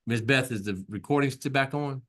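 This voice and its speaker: A man's voice: mid-range voice, a little fast, fairly bright tone. A man teaching an online class in a conversational way, repeating himself and often checking in with "right?". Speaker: instructor.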